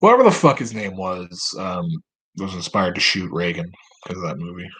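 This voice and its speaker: A man's voice: low voice, big pitch swings, moderate pace, pushed and bright, breathy edge. A man at home, talking straight to camera in a rambling, profane, self-mocking monologue. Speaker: vlogger.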